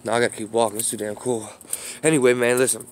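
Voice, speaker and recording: A man's voice: mid-range voice, flat delivery, quick pace, a little hiss or hum. A man vlogging outdoors on a city street while walking, telling a long story in a rambling, profane way with apologetic asides, recorded on a phone. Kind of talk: casual rant while walking.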